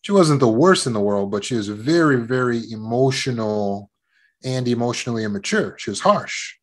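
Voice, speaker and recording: A man of middle pitch speaks as a trauma recovery coach, moving from a personal childhood story into self-help advice. He talks in a warm storytelling way, often repeating words and breaking into laughs. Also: normal speed.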